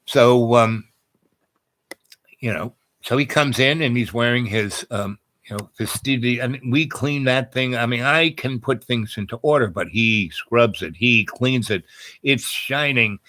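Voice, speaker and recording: A man tells a long personal story in an easygoing, meandering way. He keeps circling back with restarts and filler words, his voice at an ordinary middle pitch. The recording is close and dry, with no room sound. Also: sharp tone, no echo. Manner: rambling, digressive, many fillers and restarts.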